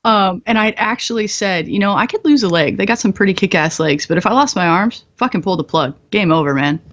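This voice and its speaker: A woman's voice: mid-range voice, brisk, lo-fi sound. A woman in her thirties, a podcast guest, candidly telling a hard story with blunt, profane humor and frequent laughs. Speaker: podcast guest, combat veteran.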